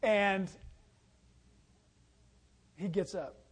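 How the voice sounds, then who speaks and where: A high-voiced man preaching a sermon. He moves between reading scripture and telling a lively personal story, calling out loudly when the story peaks. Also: very slow, slightly rough. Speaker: pastor.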